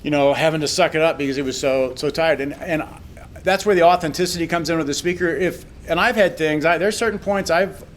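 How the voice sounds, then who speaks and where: A man's voice: on the high side, a little fast, a little hiss or hum. Candid man critiquing a speech. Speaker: public speaking critic on a panel. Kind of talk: casual panel critique.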